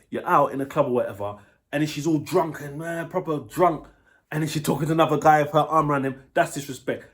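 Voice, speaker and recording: A British man talks through dating advice in a loose, blunt monologue, swearing freely. He keeps checking in with the listener as he goes, at an ordinary, middle pitch.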